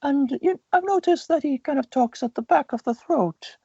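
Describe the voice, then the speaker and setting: A man doing Winnie the Pooh, soft and high. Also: animated, moderate pace, no room sound. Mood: gentle. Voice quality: soft, from the back of the throat. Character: gentle soft-spoken cartoon bear, male. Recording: dull lo-fi sound.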